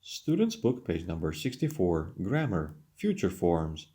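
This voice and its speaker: A man's voice: sits low, huge pitch swings, a little slow, warm tone, breathy edge. A man teaching English, reading questions and answers from a textbook lesson aloud. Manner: reads questions then answers them aloud.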